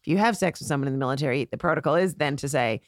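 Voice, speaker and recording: A woman's voice: deep voice, racing, no echo, studio quality. A middle-aged woman comedian telling stories on a podcast, acting out the voices of the people she quotes. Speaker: comedian guest. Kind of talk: podcast storytelling chat.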